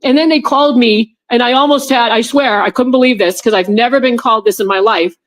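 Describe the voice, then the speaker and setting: A woman speaking at a fairly high pitch and a fairly quick pace, appearing as an interview guest on a video call. She tells a personal story in a rambling way, restarting often and repeating words, and grows animated when she recounts what her friends said.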